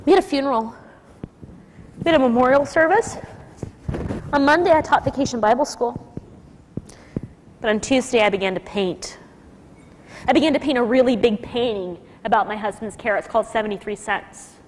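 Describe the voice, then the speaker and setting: A woman with a high voice tells a personal story to a live audience, emotional and lively as she acts out the people she quotes. Her voice rings in a lecture hall with a long echo tail. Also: moderate pace, long pauses, slight background noise. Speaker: speaker at a nursing school talk.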